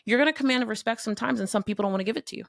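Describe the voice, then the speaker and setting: A middle-aged woman from Miami talks straight to the listener in a candid, animated motivational monologue, swearing now and then. Her voice carries a gravelly fry, and the recording is close and dry. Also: a little high, very fast, dry recording. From Miami, Florida. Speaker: podcast host.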